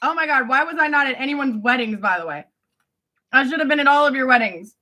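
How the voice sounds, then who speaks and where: High bright-voiced woman rambling animatedly. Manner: animated, laughing, swears casually. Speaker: vlogger addressing family friends. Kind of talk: rambling reminiscing monologue.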